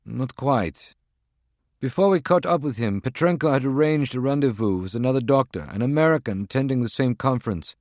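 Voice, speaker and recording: A man's voice: medium pitch, animated, a little fast, a little mellow, no room sound, clean studio sound, voice pushed up, natural voice. A man voicing a male henchman who reports by secure phone in an urgent, clipped, strained way. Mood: tense.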